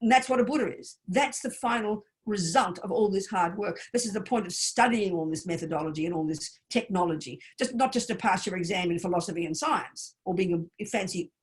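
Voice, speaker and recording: A woman's voice: mid-range voice, fairly quick, hardly any pauses. Emphatic woman giving a Buddhist teaching. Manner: emphatic and animated, with blunt, colloquial asides. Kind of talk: informal workshop teaching.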